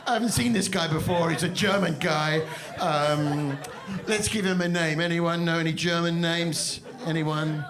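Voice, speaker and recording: A man doing live stand-up on a stage before an audience. He tells a story in a halting, mock-serious, self-deprecating way, full of fillers and restarts, and banters with the crowd. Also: on the high side, fairly even intonation. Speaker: stand-up comedian.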